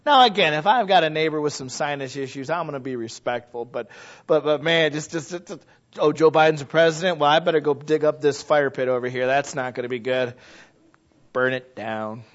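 A man preaching a sermon in a church, animated and quick to laugh as he talks to the congregation. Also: a little high, lo-fi sound. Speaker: pastor.

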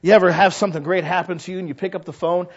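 A man's voice: sits high, fairly even intonation, rapid-fire. A man preaching a chatty sermon as pastor, folksy and conversational. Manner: folksy, chatty, acts out quoted voices. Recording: dull lo-fi recording.

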